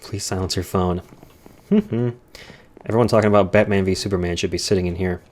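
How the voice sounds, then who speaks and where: A man's voice: low voice, steady tone, a little fast, a little mellow, slight background noise. A young man rambling casually while touring a Minecraft server, his voice strained and tired. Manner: rambling, chatty, easily sidetracked. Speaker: Minecraft let's-player. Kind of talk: casual rambling gameplay commentary.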